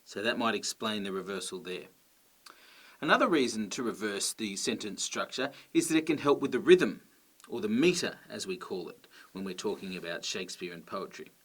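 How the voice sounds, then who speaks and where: A man teaching a grammar lesson, explaining clearly and patiently and checking in with his listeners. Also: fairly low pitch, lively intonation, normal speed, fairly bright tone.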